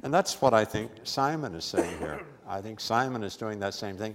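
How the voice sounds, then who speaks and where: A man's voice: lowish voice, lively intonation, normal speed, hardly any pauses, long reverb tail. A man preaching a sermon with emphatic stress and repeated words.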